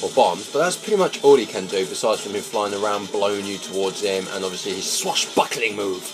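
A man's voice: lowish voice, fairly quick. A man giving casual, playful, sweary commentary over a video game. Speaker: let's play commentator. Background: game music.

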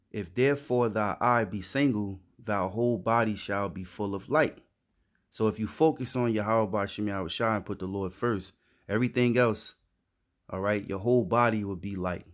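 A man teaching scripture informally, reading verses aloud and explaining them in slangy street talk, often adding "man" and "you know". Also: on the low side. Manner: reads verses then riffs in slangy street talk, says "man" a lot. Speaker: street preacher.

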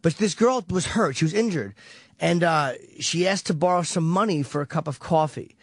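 A man with a fairly high voice tells a rambling, profane story on a talk radio show. The studio sound is bone-dry, close on the mic with no room around him. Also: moderate pace, dry recording. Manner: profane, rambling, vivid retelling.

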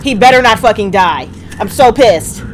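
A woman's voice: fairly high pitch, lively intonation, normal speed, slight background noise. A woman hosting a reaction video, talking back to a TV drama in emotional, swear-laden outbursts. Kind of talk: live reaction commentary. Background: drama soundtrack playing faintly.

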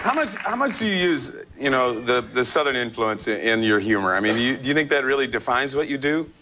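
A man's voice: medium pitch, sing-song, brisk. A man hosting a casual interview, asking questions with teasing quips. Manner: quippy, teasing. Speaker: talk show host. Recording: loud crowd and noise behind.

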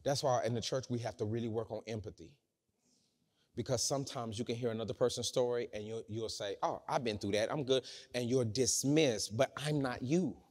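Preacher, male, medium pitch, dramatic swings from loud to hushed, church hall reverb. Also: brisk. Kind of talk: sermon. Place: church sanctuary.

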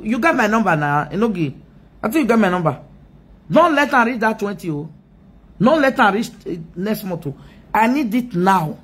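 Husky Nigerian woman ranting mockingly. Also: medium pitch, expressive, moderate pace. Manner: mocking, scolding, laughs often. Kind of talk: live video rant.

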